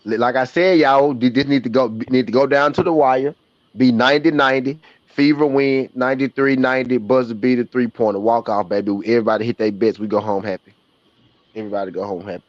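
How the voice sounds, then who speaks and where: A man with a mid-range, fairly even voice talks fast while hosting a live basketball viewing stream in a Southern US accent. He's casual and slangy, laughing often as he jokes and trash-talks. There's no echo, though the stream audio is dull and lo-fi.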